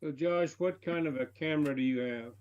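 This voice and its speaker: Calm male guest, dull lo-fi sound. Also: on the high side, brisk. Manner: calm, asks plain questions. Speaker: stream guest. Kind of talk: casual chat.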